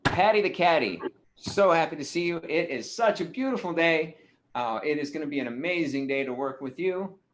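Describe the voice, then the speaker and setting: A man's voice: fairly high pitch, moderate pace, slight background noise, natural voice. A man playing a relentlessly cheerful golf caddy who gives folksy advice. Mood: chipper. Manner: upbeat, folksy golf talk. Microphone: video call.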